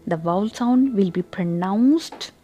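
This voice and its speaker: A woman teaching English pronunciation in an online tutorial, explaining carefully and deliberately, and pronouncing example words with clear stress. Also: medium pitch, lively intonation, dark tone, soft background music.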